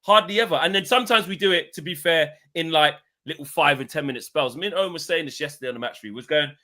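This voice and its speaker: A man's voice: on the high side, quick pace, hardly any pauses, sharp tone. A man speaking as a football pundit in a casual panel debate, fed up and complaining emphatically.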